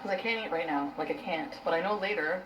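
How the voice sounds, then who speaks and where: A woman's voice: lowish voice, fast talker, noisy background. A woman on a casual livestream who rambles and talks to her chat and her pets.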